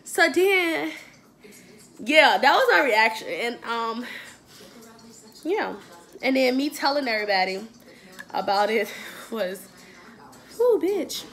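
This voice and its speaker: This is a young woman vlogger telling a casual storytime while she eats. Her voice sits high and swoops all over, with a bright, sharp edge. She is animated and profane and laughs often. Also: slow pace, long pauses.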